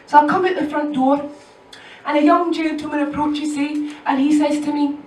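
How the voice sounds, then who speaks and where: A Scottish woman performing animated stand-up comedy on a club stage. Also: high-pitched, moderate pace. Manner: animated, storytelling. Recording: echoey club from far off.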